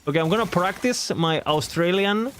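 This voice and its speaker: A man's voice: sits high, animated, normal speed, a bit bright, slight background noise. A man chatting casually on a game stream as its host, rambling along and often laughing at himself. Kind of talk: casual live-stream chat.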